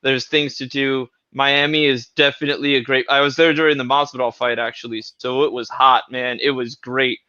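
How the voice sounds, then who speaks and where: A man's voice: mid-range voice, flat delivery, fairly quick, hardly any pauses, sharp tone, clean tone, no room sound. A man speaking as a podcast guest, telling laid-back stories with a laugh. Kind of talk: casual podcast banter. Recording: muffled lo-fi mic.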